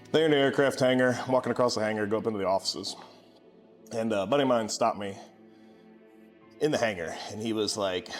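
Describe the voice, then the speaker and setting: A man, telling a casual story about starting his gym, sarcastic and lively when he quotes people. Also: medium pitch. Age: 20s. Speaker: gym owner vlogger.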